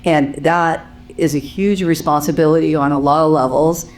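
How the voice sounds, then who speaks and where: A panel moderator praising a guest and introducing the next speaker, measured with frequent fillers. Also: mid-range voice, steady tone.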